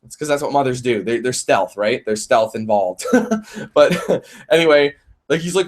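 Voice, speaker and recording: A man casually answering viewer questions on a live stream, telling stories in a rambling, animated way, with lots of fillers, restarts and swearing. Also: mid-range voice, normal speed. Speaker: let's play YouTuber answering viewer questions.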